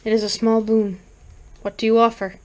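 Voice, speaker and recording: A woman's voice: fairly high pitch, level tone, normal speed, a little mellow, natural voice. A woman voicing a cold, greedy demon that bargains from a pentagram in a storybook reading.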